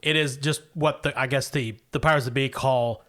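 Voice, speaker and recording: A man running a tabletop role-playing game as game master, explaining the setting in a relaxed way with fillers and restarts. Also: medium pitch, moderate pace.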